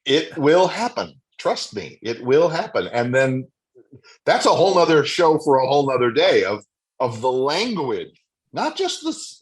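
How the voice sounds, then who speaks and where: A middle-aged man of medium pitch whose voice rises and falls a lot as he talks. He chats easily on a podcast and keeps saying words like "interesting" and "funny." He sounds relaxed and conversational. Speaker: podcast co-host. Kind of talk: casual chat.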